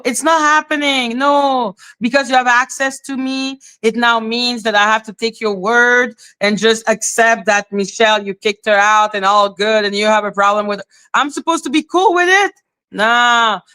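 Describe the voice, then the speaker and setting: A woman's voice: fairly high pitch, sharp tone, smooth. A woman hosting a livestream, talking bluntly and profanely in a heated rant to her chat. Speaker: livestream host.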